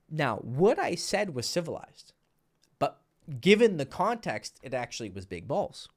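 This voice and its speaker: A man, a dating coach, telling a story casually, animated, laughing and swearing freely. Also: mid-range voice, moderate pace.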